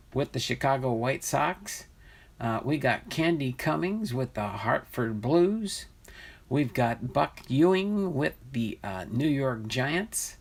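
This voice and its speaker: Male livestream host: slow, gravelly, chatty, laughs easily while reading out viewer comments. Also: mid-range voice. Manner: chatty, laughs at himself, plays with pronunciations. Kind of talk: casual live chat with viewers.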